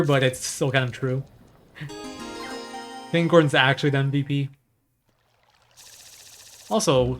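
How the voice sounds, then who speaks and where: A man giving casual live commentary on his speedrun, chatting and thinking aloud while he plays. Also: on the high side. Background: game music.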